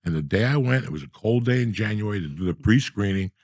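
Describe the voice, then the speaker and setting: 60s guy, gravelly husky voice, swears a lot, ranting funny stories, dry close sound. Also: on the low side, fast, no room sound. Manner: profane, animated, mock-outraged rants. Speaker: podcast guest storyteller. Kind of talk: casual comedic storytelling.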